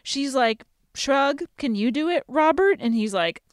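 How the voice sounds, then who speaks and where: A woman's voice: high voice, lively intonation, a little slow, no echo, studio quality. A woman co-hosting a podcast, recounting things incredulously and laughing often in casual chat. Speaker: podcast co-host.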